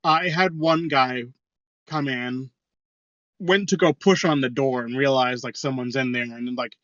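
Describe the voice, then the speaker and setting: A man's voice: medium pitch, fairly even intonation, a little slow, fairly bright tone, no echo, lo-fi sound. A man co-hosting a podcast, telling stories in casual chat with lots of fillers and swearing. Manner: rambling storytelling, heavy swearing. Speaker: podcast co-host.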